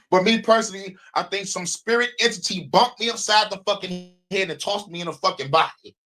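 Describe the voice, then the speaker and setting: A man is talking on his own livestream, loose and rambling, swearing freely and laughing between thoughts. His voice sits high and bright, and it swings up and down with lots of expression. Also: expressive, normal speed. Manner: rambling and profane, with frequent laughs. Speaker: streamer host. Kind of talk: casual livestream monologue.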